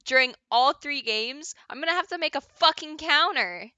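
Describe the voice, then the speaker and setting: A woman streaming a game, chatting casually with excitable asides and cursing. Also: high voice, normal speed, dry recording. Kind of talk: casual game commentary while reading dialogue.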